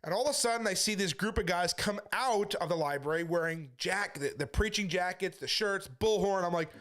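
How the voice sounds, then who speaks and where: A man who is a street preacher, briskly telling a story to his viewers and quoting the back-and-forth as he goes. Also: sits high, a bit bright. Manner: brisk retelling full of quoted back-and-forth. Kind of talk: casual storytelling monologue.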